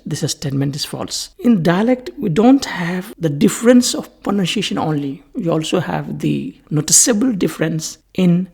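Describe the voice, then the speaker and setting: A lecturer giving a recorded English-language lesson in a deliberate way, repeating key terms in lists. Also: medium pitch, lively intonation, vocal fry, darkish tone, slightly rough.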